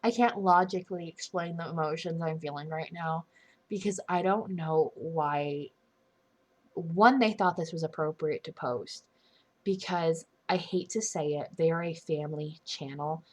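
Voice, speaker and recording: This commentary YouTuber is a young woman with a low, unhurried, somewhat dark voice. She delivers indignant, earnest opinions for her channel, frequently starting over and fixing herself mid-sentence.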